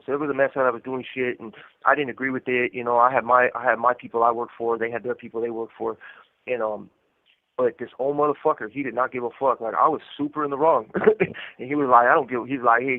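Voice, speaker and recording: A man's voice: medium pitch, dry recording. A man telling prison stories in a rambling, profane way with lots of fillers on a live call-in show. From California. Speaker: co-host. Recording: tinny phone line, dry.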